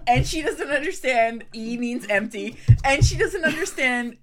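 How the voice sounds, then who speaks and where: Brief: young woman co-host, high and lively voice, exasperated laughing rants. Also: measured pace, few pauses, soft background music. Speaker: podcast co-host. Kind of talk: casual movie-recap chat.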